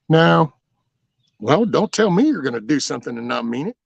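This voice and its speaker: A man's voice: a little high, big pitch swings, moderate pace, no room sound, highs cut off. A middle-aged man telling stories from his own life in a blunt, rambling, profane way, full of restarts. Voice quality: gravelly, raspy voice. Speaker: channel host telling his life story. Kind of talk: casual storytelling.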